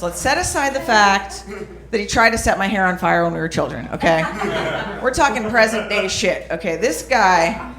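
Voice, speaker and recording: A young woman doing a stand-up comedy set, telling stories brashly and checking in with the crowd. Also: medium pitch. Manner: brash storytelling with crowd asides. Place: small comedy club stage. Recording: roomy club with audience laughter.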